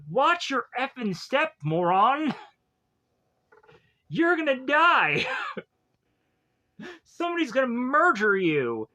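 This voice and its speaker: This Southern-accented man from Georgia has a very high-pitched, sharp voice. He rambles through a movie review, cracking jokes, tossing in asides and putting on silly voices.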